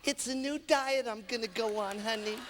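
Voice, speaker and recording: A man voicing a timid, hopeful young housewife who speaks softly and meekly. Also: very high voice, normal speed, noisy background. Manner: soft, meek, excited. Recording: live hall recording with long reverb.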